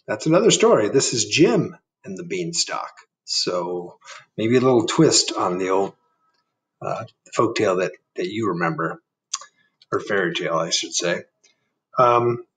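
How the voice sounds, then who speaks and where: Friendly teacher reading to young kids. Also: male voice, lowish voice, distant mic. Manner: gentle, chatty, asks kids questions. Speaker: first grade teacher. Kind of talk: reading a picture book aloud to children. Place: indoor room.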